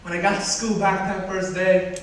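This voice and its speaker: A young man giving a personal story talk to an audience, animated and acting out what others said. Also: high voice, normal speed, slight background noise. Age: young adult. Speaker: student speaker. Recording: echoey hall from far off.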